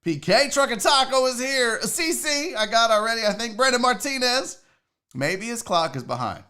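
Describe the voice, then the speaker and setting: His voice is extremely high-pitched, expressive and sharp, moving at a moderate pace as he hosts a casual sports livestream. The man talks loosely and profanely, with some swearing, and greets viewers in the chat by name.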